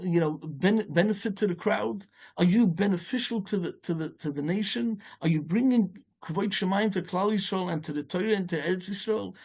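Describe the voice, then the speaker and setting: A man, a rabbi, giving a sermon in a rambling, halting way, with many restarts and Hebrew and Yiddish words mixed in. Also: sits high, a little mellow, breathy edge.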